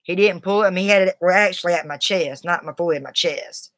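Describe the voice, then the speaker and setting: A woman's voice: fairly low pitch, fast, fairly bright tone, no room sound. A woman casually telling a personal story in a blunt, tough, colloquial way. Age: adult, has a daughter. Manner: blunt and tough, Southern-sounding colloquial speech.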